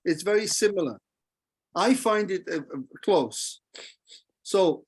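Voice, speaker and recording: Teacher, male, patient and playful, leads a relaxed group class. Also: high-pitched, husky. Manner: patient, jokey, repeats verses slowly. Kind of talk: casual group lesson.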